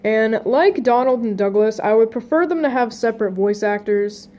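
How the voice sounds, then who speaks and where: A woman's voice: a little high, moderate pace, warm tone. A young woman hosting a casting call for voice roles, talking casually and rambling with many fillers and restarts. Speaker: channel host running a casting call.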